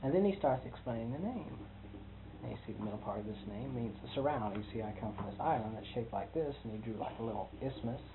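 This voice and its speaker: A man's voice: medium pitch, expressive, quick pace. A man telling a long personal anecdote in a rambling, amused way, chuckling as he goes. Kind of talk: personal storytelling. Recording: tinny phone-like with hiss.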